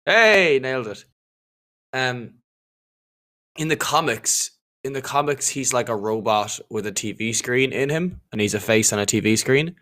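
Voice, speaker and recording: A man's voice: mid-range voice, expressive, a little slow, bright, forceful tone. A man chatting casually on a podcast while commenting on a film. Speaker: podcast co-host.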